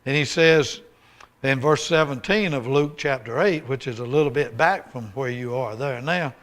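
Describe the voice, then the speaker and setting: A man's voice: medium pitch, moderate pace, fairly bright tone. A man giving a folksy, emphatic sermon testimony as a guest preacher, reading scripture aloud with rising force.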